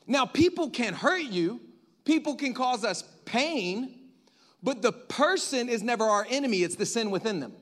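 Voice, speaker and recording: High-voiced preacher with joking asides. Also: male voice, animated, normal speed, fairly bright tone. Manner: conversational, with joking asides to the congregation. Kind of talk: sermon.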